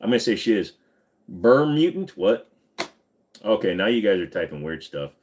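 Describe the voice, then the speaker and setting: A man's voice: on the low side, big pitch swings, moderate pace, darkish tone, slight background noise. A man hosting a casual live stream, rambling through crude, jokey banter with his chat.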